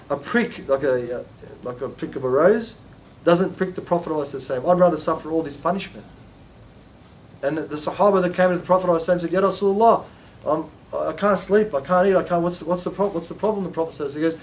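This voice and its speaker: Male teacher, informal lesson delivery, acts out quotes; slightly raised pitch, faint room rumble. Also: fairly quick. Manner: acts out quoted voices with rising pitch, many restarts. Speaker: religious teacher.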